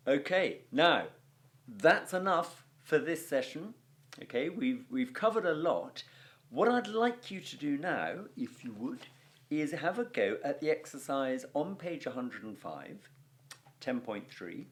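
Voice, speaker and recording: A man's voice: fairly high pitch, sing-song, unhurried. A man teaching a Latin video lesson, explaining verse scansion in a chatty, enthusiastic way with fillers and little sound effects.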